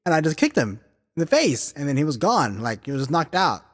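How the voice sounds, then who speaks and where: A man's voice: on the high side, fairly quick, big-room sound. A man in his thirties hosting a podcast, telling loose, profane stories full of filler words. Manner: animated and profane, heavy filler words, laughing through stories. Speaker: podcast host. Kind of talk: casual storytelling chat.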